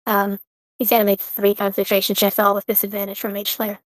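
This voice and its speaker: A woman's voice: medium pitch, monotone, a little fast, dry recording. A woman playing in an online tabletop game, talking through her turn with a lot of hesitation. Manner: hesitant, lots of fillers. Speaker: player. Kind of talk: casual chat on a call.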